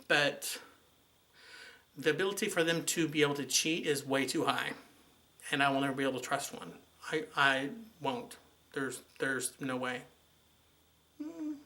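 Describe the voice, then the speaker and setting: A man's voice: fairly high pitch, sharp tone. A man telling an exasperated, sarcastic story about running into his ex, in a chatty vlog style. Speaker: vlogger. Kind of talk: casual storytelling to camera.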